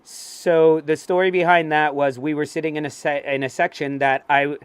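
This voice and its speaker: Excitable, fairly high-voiced male storyteller. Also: moderate pace, clean tone, no room sound. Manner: excitable, swears freely, acts out quoted voices. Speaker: co-host. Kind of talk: casual chat, animated storytelling.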